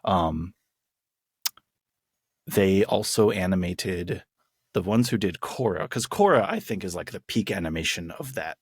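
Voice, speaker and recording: A man's voice: low-pitched, expressive, unhurried, pauses often, slightly rough, dry recording, clean studio sound. A man co-hosting a podcast, chatting casually and enthusiastically with many restarts. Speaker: podcast co-host. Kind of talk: casual chat.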